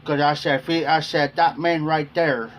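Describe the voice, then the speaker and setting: A man's voice: on the high side, steady tone, moderate pace, a bit bright, a little hiss or hum. A man hosting a casual livestream, telling a long story to his chat and repeating "I said" as he goes. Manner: rambling, repeats "I said" while retelling. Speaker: livestream host.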